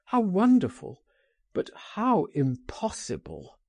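A man's voice: mid-range voice, big pitch swings, slow, mellow, husky, no room sound, studio quality, heavily acted. A man reading an audiobook, voicing a frightened, despairing man who dreads arrest and speaks in a pleading, trembling way. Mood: anguished. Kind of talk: audiobook character voice.

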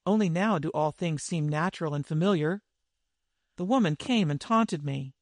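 A man's voice: fairly high pitch, normal speed, no room sound, clean studio sound, natural voice. A man reading the lines of a dazed, hardened barbarian warrior in a storybook.

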